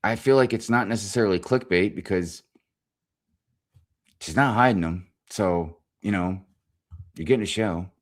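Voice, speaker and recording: A man ranting as a streamer, swearing constantly, animated and exasperated. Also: lowish voice, normal speed, long pauses. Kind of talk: profane comedic rant.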